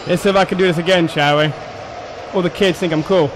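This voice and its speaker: High-voiced excitable male gamer. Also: fast talker, a little hiss or hum. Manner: excitable, shouts and laughs at the game. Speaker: gameplay commentator. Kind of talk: let's play commentary.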